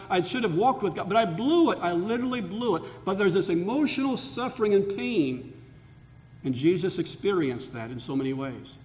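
An earnest male pastor preaches with a high voice that climbs for emphasis. His sermon rings out with long reverb in a church sanctuary. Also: darkish tone.

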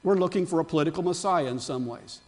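Older guy preaching on palm sunday, pretty high voice, gets loud and lively then chatty. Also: fast. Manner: animated preaching, rising loud on exclamations, chatty asides to the congregation. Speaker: pastor.

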